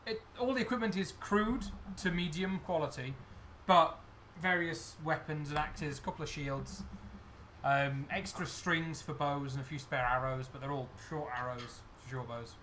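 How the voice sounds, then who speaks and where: A man's voice: on the high side, steady tone, normal speed, pushed and bright, a little hiss or hum. A man running a tabletop game as game master, describing scenes and questioning players.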